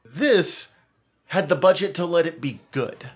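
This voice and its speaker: A man's voice: fairly high pitch, lively intonation, measured pace, slightly rough, faint music behind. A man co-hosting a podcast, talking in an enthusiastic, opinionated and rambling way with plenty of fillers. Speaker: podcast co-host. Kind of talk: casual chat.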